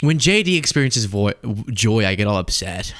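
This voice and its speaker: Animated sarcastic male commentator. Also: fairly low pitch, moderate pace. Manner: sarcastic, animated, laughs often. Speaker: political commentary host. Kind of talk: casual political commentary.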